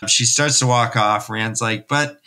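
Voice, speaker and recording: Bright-voiced man recapping casually. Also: medium pitch, unhurried. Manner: animated, rambling, jokey. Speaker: podcast host.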